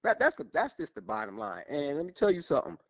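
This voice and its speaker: A man's voice: a little high, wildly swooping pitch, fast, fairly bright tone, no room sound. A man calling into a sports show by phone, heated and emphatic, repeating his points. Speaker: caller. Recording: dull phone line.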